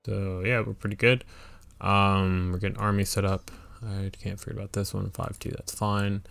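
Low-voiced man rambling over a strategy game. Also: little pitch movement, moderate pace, vocal fry, fairly bright tone, clean tone, no room sound, faint music behind. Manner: rambling, thinking aloud with fillers and restarts. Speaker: let's play host. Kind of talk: casual strategy game commentary.

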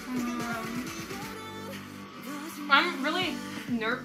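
A woman hosting a reaction video, gushing and swearing with bursts of loud exclamations. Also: on the high side, extremely slow, long pauses. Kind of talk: excited reaction commentary. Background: music video playing.

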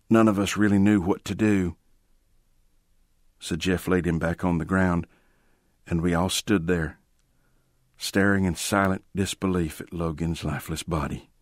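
A man's voice: sits low, no echo, studio quality. A man narrating a first-person ghost story in a dramatic storytelling manner. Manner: dramatic, drawn-out storytelling with sudden shouted quotes.

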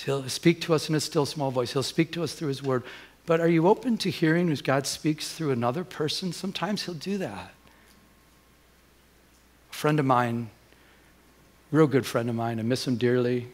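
A middle-aged man preaching a sermon as a pastor, telling a personal story with lively acted-out dialogue and many restarts. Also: medium pitch, normal speed.

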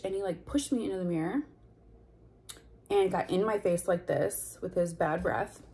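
A woman's voice: on the low side, moderate pace, warm tone. A woman telling a personal story in a confessional vlog, candid and heated, full of fillers and blunt swearing. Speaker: vlogger.

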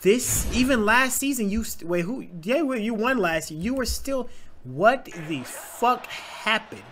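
A man's voice: sits high, unhurried, slight background noise. A young man hosting a sports reaction video, ranting casually with profanity, stammering restarts and repeated phrases. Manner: animated, repetitive, stammering, profane. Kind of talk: casual rant.

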